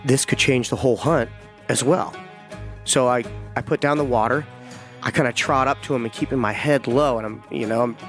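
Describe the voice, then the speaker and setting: A hunting guide telling a tense first-person story, vivid and halting, with frequent restarts. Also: male voice, medium pitch.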